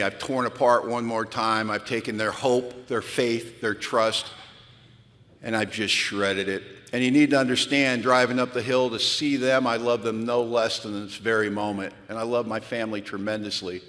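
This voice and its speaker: A man's voice: medium pitch, a bit bright. A man speaks candidly to a live crowd, mocking himself and telling his story with drama. His voice sits in the middle of the usual range. A long hall reverb trails behind every line. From United States. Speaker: recovery speaker. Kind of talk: storytelling talk to a live audience. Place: large hall.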